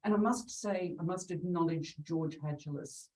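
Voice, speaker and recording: A woman's voice: on the low side, moderate pace, a little mellow. A middle-aged woman telling stories as an interview guest, chatty and laughing often, voicing the people she quotes. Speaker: real estate agent guest. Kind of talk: conversational interview. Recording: distant from the mic.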